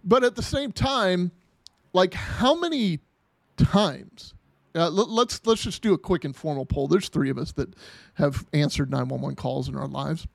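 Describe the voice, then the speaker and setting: A man hosts a podcast in loose, casual chat, with a gravelly edge to his voice. He rambles and restarts often, and he sits a little high for a man. The sound is close and dry. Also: unhurried, dry recording. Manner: rambling, many restarts and filler words. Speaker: podcast host.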